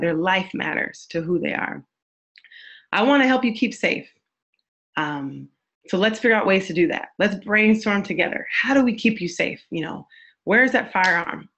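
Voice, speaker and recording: A woman therapist giving an earnest, affirming webinar talk, with many repeated phrases. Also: mid-range voice. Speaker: therapist and church speaker. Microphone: webinar microphone.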